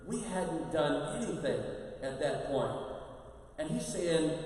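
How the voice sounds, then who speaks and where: A priest giving a parish mission talk in a conversational, animated way, acting out quotes. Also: male voice, a little high, slow pace. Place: large church. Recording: echoey church, voice from far off.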